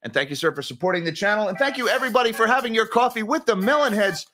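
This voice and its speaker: A man's voice: high-pitched, lively intonation, very fast, over music. A man hosting a finance channel, chatting casually through viewer comments and correcting himself as he rambles. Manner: rambling, conversational, self-correcting. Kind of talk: casual livestream chat reading viewer comments.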